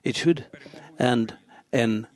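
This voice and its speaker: A man interpreting a forum speech live, halting, with frequent pauses and fillers. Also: medium pitch, a little mellow. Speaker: conference interpreter.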